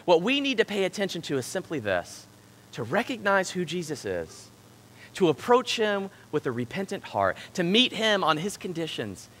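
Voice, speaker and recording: A high, lively male preacher delivers a sermon with emphatic stress, his voice bright and ringing. The sound carries a long reverb from the church hall around him. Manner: emphatic, rising and falling for stress. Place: church sanctuary.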